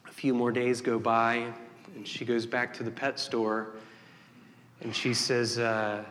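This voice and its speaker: A man's voice: mid-range voice, little pitch movement, takes it slowly, a bit bright. Male pastor, easygoing storyteller with restarts, preaching in a church hall with long reverb. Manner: folksy joke-telling, many restarts. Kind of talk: sermon.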